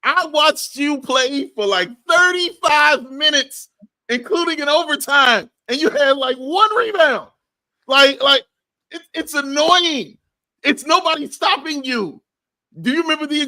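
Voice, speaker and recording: High, bright-voiced man ranting about basketball. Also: unhurried. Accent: Chicago. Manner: animated, ranting, repeats phrases for emphasis. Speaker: sports podcast co-host. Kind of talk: heated sports talk.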